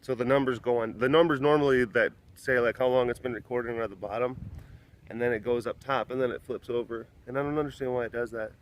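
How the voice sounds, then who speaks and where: A man's voice: medium pitch, steady tone, quick pace. A man from Wisconsin hosting a casual webcast outdoors at an animal compound, talking into a handheld phone in a rambling way that repeats itself. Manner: rambling, repeats himself, coos baby talk at the cats. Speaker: vlog host at a big cat sanctuary.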